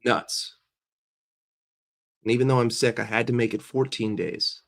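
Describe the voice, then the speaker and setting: A man's voice: medium pitch, fairly even intonation, a little slow, vocal fry. A man hosting a casual livestream while sick and congested, chatting with viewers, greeting them by name and often repeating himself. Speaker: livestream host.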